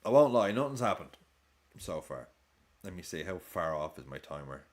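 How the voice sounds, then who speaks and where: Male streamer in his 30s, low register with very animated pitch, casual and reactive, curses freely. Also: normal speed. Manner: reactive, swears freely, jumps between match commentary and films. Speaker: streamer watching a football match live. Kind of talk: casual watch-along chat.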